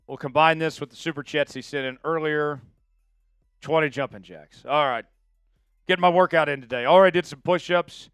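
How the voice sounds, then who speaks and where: A man's voice: fairly high pitch, moderate pace, clean tone, dry recording, faint music behind. A man hosting a live draft stream, chatting casually with viewers and hyping each pick. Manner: chatty, excitable, hypes viewers for likes.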